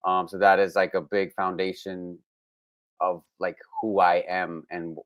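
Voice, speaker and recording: Low-voiced, smooth Brooklyn man. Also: a little slow, no echo. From Brooklyn, New York. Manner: relaxed, with frequent fillers and restarts. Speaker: musician guest. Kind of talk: casual interview.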